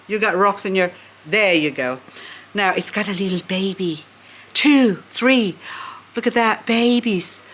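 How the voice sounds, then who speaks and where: A woman's voice: medium pitch, fairly bright tone. A woman vlogging at home, chatty and gushing as she unboxes succulents and talks to her plants. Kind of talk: casual unboxing chat.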